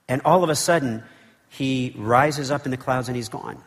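Animated pastor preaching in a reverberant hall. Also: male voice, mid-range voice, normal speed. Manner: animated storytelling, rhetorical questions, frequent "okay?". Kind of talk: sermon. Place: church sanctuary.

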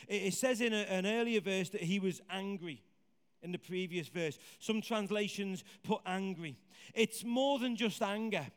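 A man preaching a sermon in a conversational, animated way, asking the congregation questions. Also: sits high, measured pace, clean tone. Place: church hall with congregation. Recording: hall reverb.

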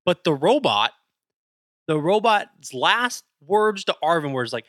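A man's voice: a little high, big pitch swings, a little slow, fairly bright tone, dry recording. A man co-hosting a podcast, eagerly retelling a video game's story in casual chat. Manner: enthusiastic, retells game scenes with quoted lines. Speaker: podcast co-host.

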